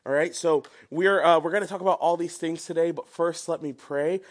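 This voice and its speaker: Young man, high voice, preaching a sermon, earnest and conversational. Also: steady tone. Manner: earnest, conversational, with quick asides and laughs.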